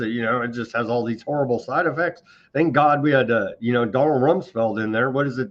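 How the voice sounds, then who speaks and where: This news commentary host has a mid-range voice on a lo-fi recording. Going through on-this-day items, he ridicules them with thick sarcasm and open contempt for the government.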